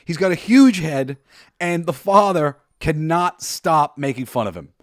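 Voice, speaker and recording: A young man chats through a solo podcast in a loose, rambling way, laughing often and restarting his sentences. His voice sits a bit high for a man. It is recorded close and dry, with no room sound. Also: lively intonation, unhurried, no echo. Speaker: podcast host. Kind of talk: casual solo podcast film chat.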